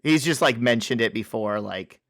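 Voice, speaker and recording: Deadpan wisecracking man. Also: medium pitch, normal speed, no room sound, clean studio sound. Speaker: podcast co-host. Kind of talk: casual chat.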